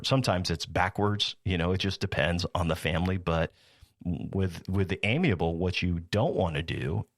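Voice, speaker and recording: A man's voice: sits low, no echo, studio quality. A man hosting a podcast, explaining sales in a casual, rambling way with many restarts and asides. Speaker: podcast host. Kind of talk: casual teaching talk.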